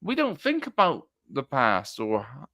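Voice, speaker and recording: A man giving an earnest livestream monologue, halting and restarting as he talks. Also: medium pitch, huge pitch swings, bright, forceful tone, dry recording, clean studio sound. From Britain. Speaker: political streamer.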